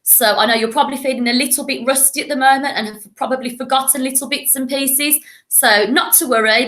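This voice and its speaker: Bright, encouraging woman teacher. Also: a little high, echoey room. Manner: encouraging, with playful animal voices. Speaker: primary school teacher. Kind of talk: recorded classroom lesson.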